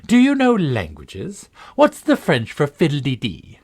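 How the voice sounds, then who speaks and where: A man's voice: a little high, wildly swooping pitch, measured pace, slightly rough, voice pushed up, exaggerated voice. A man voicing a stern, haughty queen who lectures imperiously, while reading a storybook aloud.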